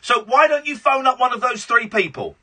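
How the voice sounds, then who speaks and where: Sex: male. Role: radio phone-in host. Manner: sarcastic, combative. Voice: high, lively, bright, husky. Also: a little fast. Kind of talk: live radio phone-in argument.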